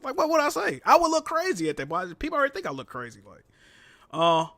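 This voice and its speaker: Young guy streamer, high bright voice jumping all over, swearing and laughing, dry sound. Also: fast, no room sound. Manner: animated, swearing, slangy, laughs often. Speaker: livestream host. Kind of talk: casual livestream chat, reading donations.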